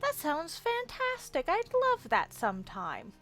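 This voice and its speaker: A woman game master slips into a fussy, good-hearted shopkeeper lady with a put-on accent. She talks high, with a lively, swooping lilt, polite and a little flustered. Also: measured pace, full character voice. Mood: friendly.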